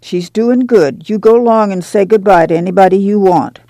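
A woman's voice: mid-range voice, normal speed, warm tone, no echo, lightly acted. A woman reading the part of a weary but steadfast rural farm mother, homespun and firm. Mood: earnest. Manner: homespun, plain-spoken, firm. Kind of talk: dramatic audiobook reading.

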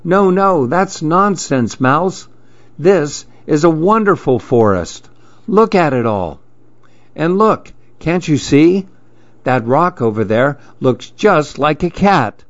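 A man voicing a fussy, busy male pigeon in a storybook reading, talking in brisk, impatient huffs. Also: a little high, very animated, dry recording, muffled recording, voice pushed up. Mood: delighted. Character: fussy, huffy male pigeon, always rushing. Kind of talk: storybook read-aloud.

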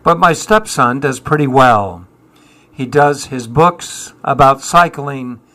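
An older man in his seventies who talks at an unhurried, measured pace. His voice sits in an ordinary middle register, and his answers are wry and self-deprecating. He reflects on his life with a dry sense of humour. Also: medium pitch, animated, sharp tone. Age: 70s. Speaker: musician guest.

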